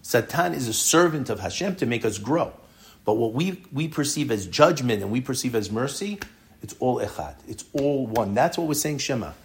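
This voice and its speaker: A man teaching a classroom Torah lesson, explaining earnestly through rhetorical questions and often dropping to a low, intense voice. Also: lively intonation, moderate pace.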